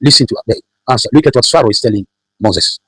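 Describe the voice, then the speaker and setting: Brief: male preacher, husky voice, mid pitch, emphatic and repetitive sermon delivery. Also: fast talker, a bit bright, no echo, rough recording. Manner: emphatic, repetitive, rhetorical questions.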